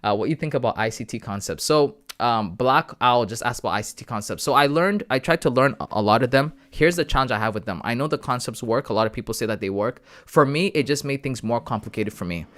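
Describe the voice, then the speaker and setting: A man from Canada hosting a casual live stream. He chats with his viewers in a relaxed, friendly way about his trading, often calling them bro and man. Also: medium pitch, fast, hardly any pauses. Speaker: livestream host sharing trading analysis.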